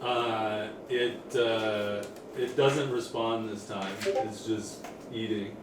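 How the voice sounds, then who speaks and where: A man's voice: fairly low pitch, steady tone, background noise. Man running a tabletop game. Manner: casual, halting, full of fillers. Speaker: game master. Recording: roomy, distant home recording.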